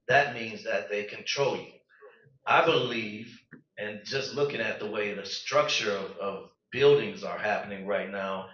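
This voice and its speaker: A man's voice: mid-range voice, pushed and bright. A man speaking as a panelist at a community event, serious and urgent, with frequent ums. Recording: roomy, dull, distant recording.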